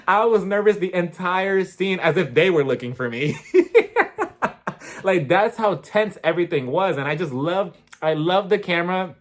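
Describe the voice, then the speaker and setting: Lively man recapping a TV episode. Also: a little high. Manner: animated storytelling, acting out others, frequent laughter. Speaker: TV episode reviewer. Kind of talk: casual recap vlog.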